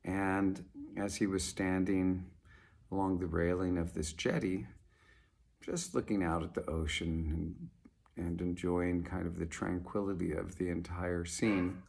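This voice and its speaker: A man telling a story in an unhurried, conversational way, pausing and restarting as he goes. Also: low-pitched, fairly even intonation, creaky, a little mellow.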